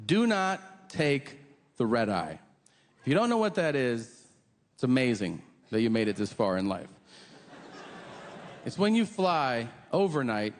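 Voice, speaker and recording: A middle-aged man performing a stand-up comedy set, animated and acting out characters in silly voices. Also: mid-range voice. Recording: long hall reverb with audience noise.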